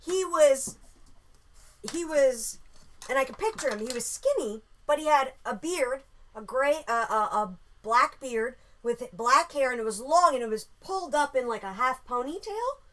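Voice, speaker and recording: A woman casually telling a story about a dream, animated and swearing freely. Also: high voice, moderate pace.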